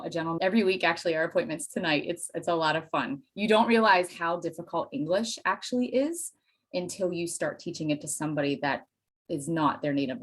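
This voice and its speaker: A woman from Pennsylvania, a Spanish teacher and dairy farmer, chatting as an interview guest with enthusiastic, animated storytelling and self-deprecating asides. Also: fairly low pitch. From Pennsylvania, USA. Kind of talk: casual interview chat.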